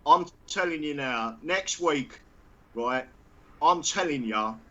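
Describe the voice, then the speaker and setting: A man's voice: fairly high pitch, expressive, slow, pushed and bright, lo-fi sound. A man talking heatedly on a live stream, stammering and repeating himself.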